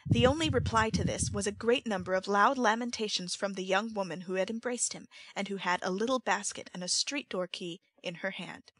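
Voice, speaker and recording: Brief: female audiobook narrator, mid pitch, measured storytelling, dry studio sound. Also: fairly bright tone, breathy edge, no room sound, poor audio.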